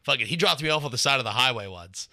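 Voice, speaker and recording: A man's voice: medium pitch, animated, quick pace, gravelly, bright, forceful tone, dry recording, studio quality. A young man co-hosting a podcast, telling stories in a laid-back, profane way and acting out the quotes. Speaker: podcast co-host. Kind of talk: casual storytelling chat. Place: studio.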